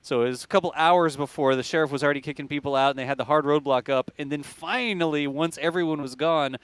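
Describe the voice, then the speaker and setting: A man's voice: on the high side, fast talker, a bit bright, clear, resonant tone, dry recording. A man hosting casual live commentary on a rocket test, chatty and joking as he explains things plainly. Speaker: livestream host.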